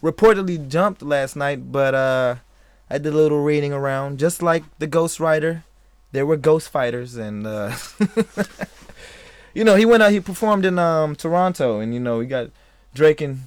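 A man's voice: a little high, lively intonation, moderate pace, clean tone, no echo. A man hosting a podcast in a casual, rambling way, a little tipsy, laughing often and talking to live chatters. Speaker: podcast host. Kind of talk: casual live-stream chat.

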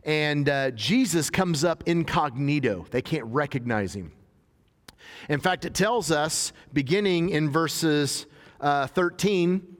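A man's voice: a little high, lively intonation, slow. Man preaching in a reverberant hall. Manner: casual, joking preaching with paraphrased voices. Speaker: pastor. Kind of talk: sermon.

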